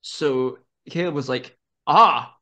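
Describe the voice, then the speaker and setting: A young man in his twenties chats on a video-call podcast in a fairly high voice. He tells a story in quick, animated bursts and laughs often as he goes. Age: 20s. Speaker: guest wrestler. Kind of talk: casual interview chat.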